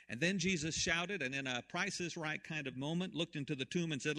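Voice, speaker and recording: A man preaching a sermon, retelling a story with swings from hushed to loud. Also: a little high, brisk, few pauses. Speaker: pastor.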